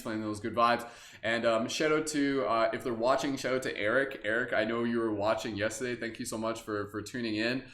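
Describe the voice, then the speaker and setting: A man's voice: lowish voice, a bit bright. Man guiding meditation in an echoey room. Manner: loose, rambling, slips into silly asides. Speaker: meditation host. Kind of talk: live-streamed guided meditation. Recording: roomy echo.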